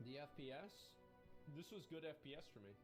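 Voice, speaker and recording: A slightly high-voiced man talks loosely on a live stream. He rambles through old gaming memories, swears freely and answers chat as he goes. Music plays clearly behind him. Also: fairly quick. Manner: rambling, profane, reminiscing while answering chat.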